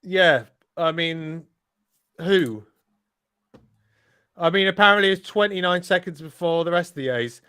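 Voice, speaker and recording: A man giving casual, excitable live race commentary, sweary and rambling with fillers. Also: high-pitched, unhurried, long pauses, smooth.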